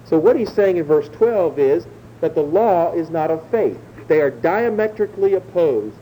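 Dark-voiced man preaching a measured sermon. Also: fairly high pitch, slight background noise, low-quality recording. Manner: measured teaching, slowing to stress key words. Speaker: pastor.

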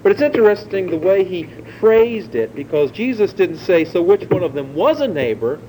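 A man's voice: high voice, sing-song, moderate pace, dark tone, a little hiss or hum, low-quality recording. A man preaching a sermon, teaching in a conversational way and putting questions to his listeners.

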